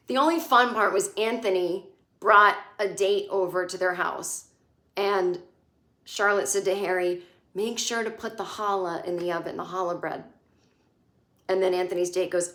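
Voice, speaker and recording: A woman comedian in her forties giving a casual, sarcastic TV recap, swearing and acting out quotes in shrill voices. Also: a little fast, a bit bright. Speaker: comedian podcast host. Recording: echoey room.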